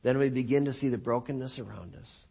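A man preaching a sermon as pastor, telling stories with lively acted-out voices and frequent chuckles. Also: mid-range voice, quick pace, gravelly, husky, lo-fi sound. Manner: animated storytelling, acts out quoted voices, chuckles often.

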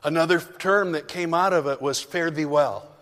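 This pastor speaks at a normal speed in a fairly bright, somewhat high voice. In a church sanctuary with long hall reverb, he offers his congregation a conversational sermon, joking at his own expense and drifting into asides.

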